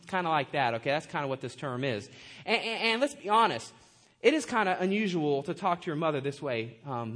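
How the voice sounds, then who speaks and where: A man preaching a sermon, animated and conversational, with frequent asides and questions to the congregation. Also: on the high side, fairly quick. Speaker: pastor.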